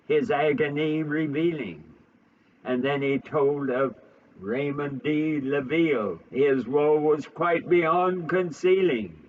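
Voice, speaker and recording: A man storyteller reciting a comic poem in a measured, theatrical way. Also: medium pitch. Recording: dull lo-fi sound from a distant mic, faint noise.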